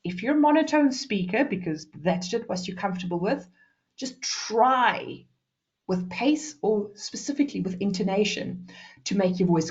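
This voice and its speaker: A woman from South Africa giving a presentation skills workshop, fast and lively, deliberately shifting her pace and loudness. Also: mid-range voice, highs cut off.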